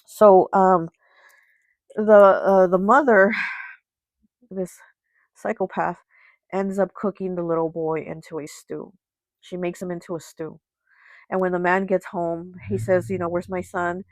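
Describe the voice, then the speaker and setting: Woman casually retelling a story, lots of fillers, bit of a low voice, dry close sound. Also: steady tone, measured pace, long pauses, no room sound, rough recording. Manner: chatty, heavy with fillers like "you know" and "like". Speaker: tarot reader and channel host.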